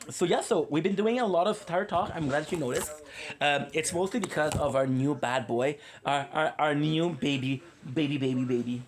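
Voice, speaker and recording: A man vlogging about mobile games from his apartment in a casual, rambling, joking way, often correcting himself. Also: medium pitch. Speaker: gaming vlogger. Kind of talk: casual chat to viewers.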